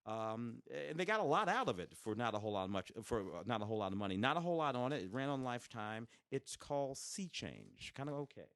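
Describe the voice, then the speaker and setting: A man's voice: mid-range voice, quick pace, hardly any pauses, no echo. A man co-hosts a casual podcast, talking with enthusiasm about new releases. His voice swings up and down a lot. The sound is dry and close. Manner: animated, restarts and fillers, enthusiastic. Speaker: podcast co-host reviewing home video releases. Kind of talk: casual chat.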